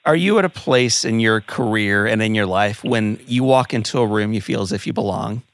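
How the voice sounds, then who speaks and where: A man's voice: lowish voice, moderate pace, slight background noise. A man hosting an interview, speaking in an earnest, reflective way. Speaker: podcast host. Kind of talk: interview conversation.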